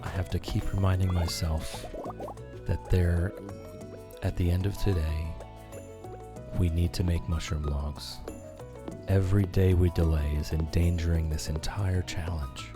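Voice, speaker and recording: Soft-spoken deep-voiced man streaming a game. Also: level tone. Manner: soft-spoken, slow and soothing. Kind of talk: calm gameplay commentary for sleep. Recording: background music.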